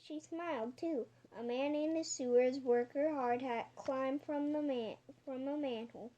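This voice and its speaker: A woman reading a children's storybook aloud, halting now and then and correcting herself. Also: sits high, warm tone, muffled recording. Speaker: audiobook reader.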